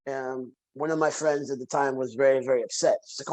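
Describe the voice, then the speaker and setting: A man guesting on a podcast, chatting casually as an animated storyteller who repeats phrases for emphasis. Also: medium pitch, a little fast, low-quality recording. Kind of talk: casual conversation.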